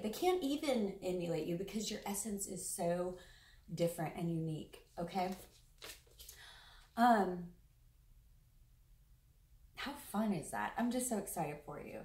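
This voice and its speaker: A woman's voice: medium pitch, dark tone. Chatty tarot-reading woman, roomy sound. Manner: chatty, rambling and effusive, with frequent fillers and casual swearing. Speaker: tarot reader. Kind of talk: casual tarot reading to camera. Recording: roomy sound, a bit distant from the mic.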